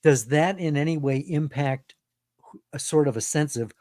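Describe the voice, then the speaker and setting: A man's voice: fairly high pitch, moderate pace, darkish tone, dry recording, studio quality. A man hosting an interview over a video call, putting short follow-up questions to his guest. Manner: brief prompts and follow-up questions. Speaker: interview host.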